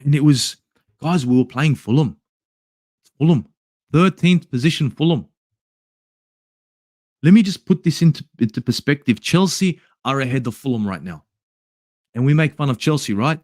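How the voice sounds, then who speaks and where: A mid-range, slightly mellow voice, animated but at a moderate pace with long pauses, belongs to an Australian man reviewing a football match for his channel. He rants angrily and exasperatedly, swearing plenty, from home in Sydney at night; the audio is studio quality with no echo.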